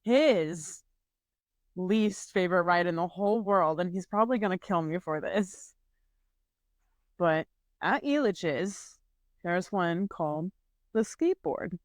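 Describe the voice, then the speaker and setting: Podcast co-host, woman, lower voice, laid-back and rambling, dry close mic. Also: animated, slow, long pauses, dry recording. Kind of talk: casual chat.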